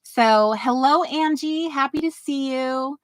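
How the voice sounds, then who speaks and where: A woman's voice: sits high, takes it slowly, no echo. A woman hosting a casual live stream, bubbly and giggly as she greets viewers one by one by name.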